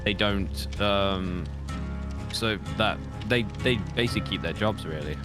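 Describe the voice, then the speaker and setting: A man's voice: lowish voice, measured pace. A young man chatting on a live game stream, telling stories in a rambling way with many restarts. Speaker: streamer guest. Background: music.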